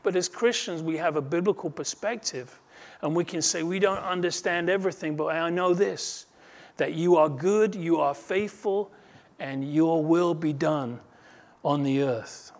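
Male pastor, earnest expository sermon, slightly raised pitch. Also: a little slow. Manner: earnest expository preaching, rises in pitch when retelling parables.

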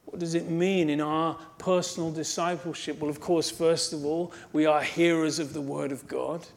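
A man's voice: fairly high pitch, fairly even intonation, normal speed, gravelly. Emphatic man preaching a sermon. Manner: emphatic, rising to fervent exhortation; repeats phrases in rhythmic lists. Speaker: pastor.

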